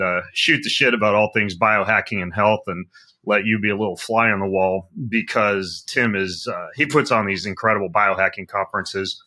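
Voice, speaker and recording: Man, middle-aged, podcast host, low bright voice, joking, casual chat. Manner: joking, rambling with fillers. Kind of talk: casual conversational interview.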